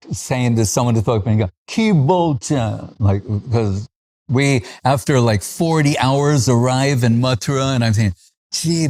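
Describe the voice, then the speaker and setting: A man's voice: medium pitch, darkish tone. A man giving a devotional festival talk, recalling stories with frequent chuckles and fillers like "uh" and "like".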